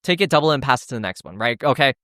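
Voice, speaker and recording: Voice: medium pitch, very fast, dry recording, studio quality. A podcast host telling a hiking story in casual chat, acting out what everyone said and swearing freely. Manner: animated, acts out quotes, swears freely.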